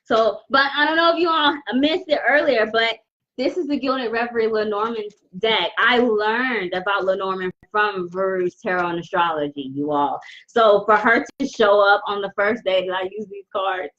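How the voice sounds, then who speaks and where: A woman hosting a live intuitive tarot reading, talking straight to viewers in an earnest, halting way full of restarts. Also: medium pitch, fairly bright tone, muffled recording, a little hiss or hum. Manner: halting, repetitive, with many restarts; earnest, addresses viewers directly. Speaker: tarot reader and host.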